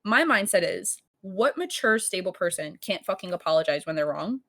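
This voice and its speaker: Here a young adult podcast co-host, speaking at normal speed with a fairly low pitch, tells a story with lots of energy. She fills her speech with "like," curses frequently, and raises her voice loudly to act out the lines she quotes.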